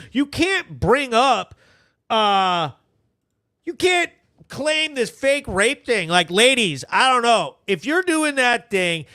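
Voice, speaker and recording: Male live-stream host, high bright voice, animated and laughing, dry close sound. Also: no room sound. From Vermont, US. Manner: animated, laughing, reads out chat comments. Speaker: host of a local news recap live show. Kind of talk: casual live-stream commentary.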